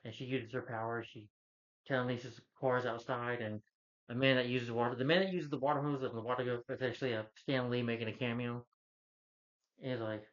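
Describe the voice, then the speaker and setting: Male reviewer, mid-pitched, talky and rambling, dull lo-fi sound. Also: steady tone, fairly quick. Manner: rambling, restarts, hums the score and quotes lines. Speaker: movie reviewer. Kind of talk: casual rambling movie review.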